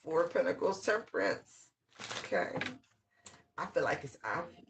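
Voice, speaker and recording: Male tarot reader, fairly high voice, rambling slangy delivery, light hiss and clicks. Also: sing-song, moderate pace, vocal fry. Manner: loose, slangy, rambling talk with many fillers. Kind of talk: casual channeled tarot reading.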